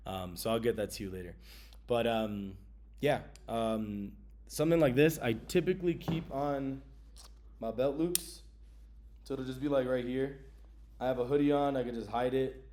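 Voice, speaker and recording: A man vlogging about his travel gear in a casual, slangy way, with many ums and bursts of excitement. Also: mid-range voice, moderate pace, long pauses, a little hiss or hum.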